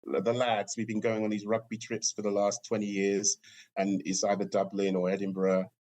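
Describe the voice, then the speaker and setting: A British man, an entrepreneur, chatting in an interview and telling stories, laughing often and acting out other people's lines in a higher voice. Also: normal speed. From Britain. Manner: animated storyteller, laughs often, acts out quotes in a high voice. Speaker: entrepreneur guest. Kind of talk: casual interview chat.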